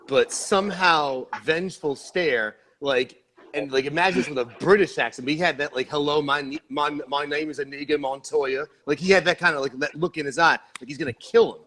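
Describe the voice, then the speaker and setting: A man talking casually on a podcast panel, animated and joking, often stammering and restarting his sentences. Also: fairly high pitch, fairly quick, a little hiss or hum. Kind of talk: casual sports-podcast chat.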